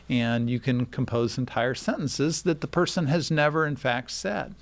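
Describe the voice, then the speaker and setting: A man at medium pitch, explaining a technical subject as a radio guest. He talks like a lecturer, patient and methodical, with a lot of "uh" and "um" fillers. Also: moderate pace, hardly any pauses. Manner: explanatory, with frequent "uh" and "um". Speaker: guest expert on deepfakes.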